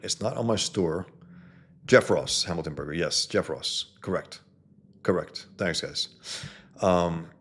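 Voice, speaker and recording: A man hosting a casual livestream, talking bluntly and profanely to his chat, rambling with frequent restarts. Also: low-pitched. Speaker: livestream host reading chat. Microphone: computer mic, no headset.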